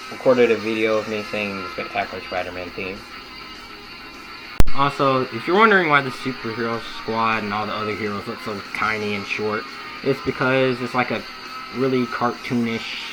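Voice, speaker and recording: A man's voice: lowish voice, rough recording. A young man giving an enthusiastic, rambling video-essay commentary on a cartoon. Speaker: video reviewer.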